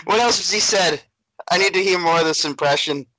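A young man from Massachusetts, a podcast co-host in casual chat, animated and emphatic, laughing easily. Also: high voice, brisk, rough recording.

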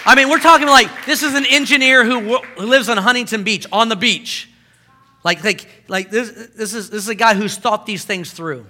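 A male pastor preaching a sermon, telling stories with animated bursts and then slowing to hushed emphasis. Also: sits high, a faint crowd. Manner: animated storytelling, swinging from loud bursts to slow hushed emphasis.

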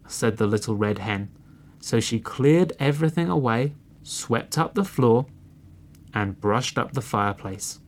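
A man reading a folk tale aloud as a storybook narrator, expressive and unhurried. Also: mid-range voice.

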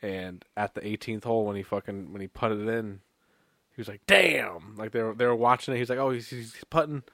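A man's voice: fairly low pitch, level tone, quick pace, no room sound, studio quality. A man co-hosting a golf podcast, talking bluntly, swearing casually and explaining stories at length. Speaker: podcast co-host. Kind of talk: casual chat.

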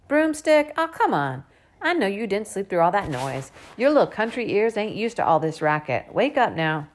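A woman's voice: medium pitch, sing-song, moderate pace, pitched above the performer's own voice, lightly acted. A woman voicing a folksy, easygoing middle-aged father who talks to his daughter in a coaxing way.

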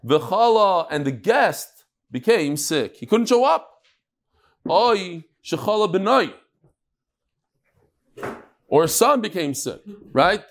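A man's voice: high-pitched, big pitch swings, takes it slowly, pauses often. Man teaching a casual Talmud class. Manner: casual, peppered with Hebrew and Yiddish terms; tells jokes and anecdotes.

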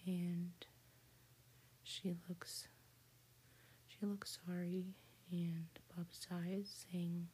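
A woman slowly retelling a cartoon story in a soft whispered role-play. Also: fairly low pitch, level tone. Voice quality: breathy whisper.

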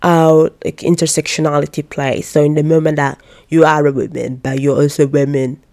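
Young woman from Italy, low gravelly voice, podcast host, animated and emphatic, lots of fillers, dry close sound. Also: moderate pace, dry recording. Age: young adult. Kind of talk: casual solo commentary.

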